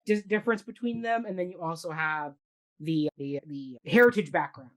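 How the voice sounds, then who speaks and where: Lower-voiced woman rambling about a play. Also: normal speed. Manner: rambling, many fillers and restarts. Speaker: podcast co-host. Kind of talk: casual theatre review chat.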